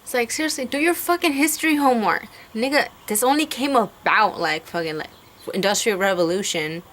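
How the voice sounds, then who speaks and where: A woman's voice: a little high, fairly quick, a bit bright. A young woman ranting to camera in a heated, profane way, rambling with lots of fillers. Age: young adult. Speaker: vlogger.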